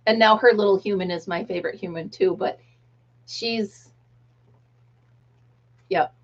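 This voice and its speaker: Speaking a little slowly in a medium pitch, a middle-aged American livestream host chats informally, reading out viewer comments with frequent laughter. The sound is dull, lo-fi stream audio.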